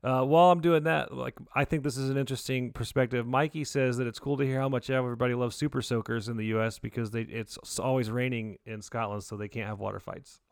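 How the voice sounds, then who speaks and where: A man in his forties co-hosting a podcast, telling a story in casual, excitable chat. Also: quick pace, vocal fry, hardly any pauses, clean tone, dry recording, studio quality. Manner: excitable storyteller, jumps pitch for quoted voices. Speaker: podcast co-host.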